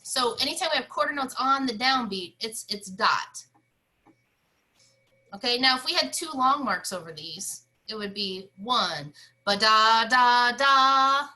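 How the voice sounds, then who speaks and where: A woman's voice: on the high side, expressive, normal speed, few pauses, sharp tone, low-quality recording. A woman teaching an online music lesson, explaining rhythms and singing scat syllables to show them.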